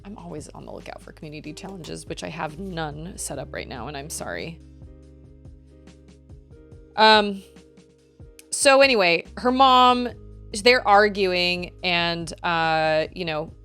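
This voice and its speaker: A woman livestreamer telling a story in a rambling, animated way, laughing often. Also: lowish voice, a little slow, long pauses, faint music behind.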